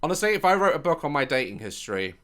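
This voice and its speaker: Man, reaction host, casual commentary, swearing, lively swooping pitch, bright tone. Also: very fast. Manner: animated, swearing, mock outrage.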